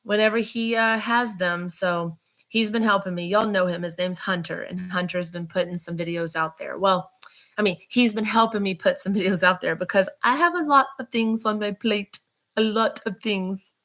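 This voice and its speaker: A woman's voice: mid-range voice, normal speed, fairly bright tone. Chatty woman with a drawl. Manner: chatty, rambling, addresses viewers directly. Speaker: vlog host. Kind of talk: casual talk to camera.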